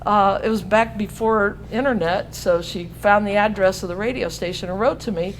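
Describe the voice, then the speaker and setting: Medium-pitched and a bit bright, this sixty-something radio host's voice comes through a low-quality recording with slight background noise. Speaking to students in a school auditorium, she tells a folksy, self-mocking tale, singing snippets and chuckling at her own jokes.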